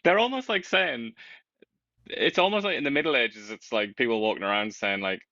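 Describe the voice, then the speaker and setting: A man co-hosting a casual political chat, talking in an animated, wry way with big swings in pitch. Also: a little fast, no echo, dull audio.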